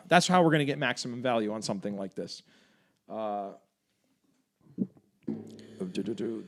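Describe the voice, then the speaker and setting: A man hosts a casual livestream, answering viewer comments one after another. His voice sits a little high for a man. He talks with energy and likes to argue, packing his points with fillers and quick asides. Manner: energetic, argumentative, fast-talking with fillers. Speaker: livestream host for a gun rights group.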